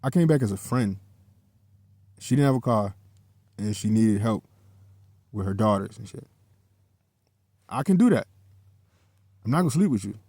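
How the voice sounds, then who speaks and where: A man's voice: fairly low pitch, expressive, normal speed, pauses often, warm tone, no echo. A man telling a personal story in a casual, heated monologue, swearing often and repeating himself as he goes.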